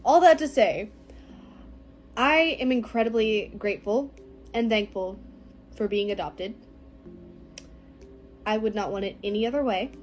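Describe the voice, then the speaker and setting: A teenage girl talking casually to the camera, slow and reflective, her phrases often trailing off softly. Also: a little high, faint music behind, low-quality recording. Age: teens. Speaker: vlogger. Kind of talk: casual personal talk to camera.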